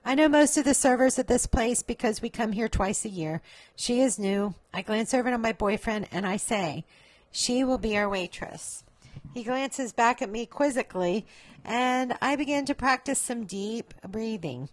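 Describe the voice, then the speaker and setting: A woman's voice: on the high side, normal speed, no echo, low-quality recording. Woman telling a reflective personal story. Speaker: podcast host.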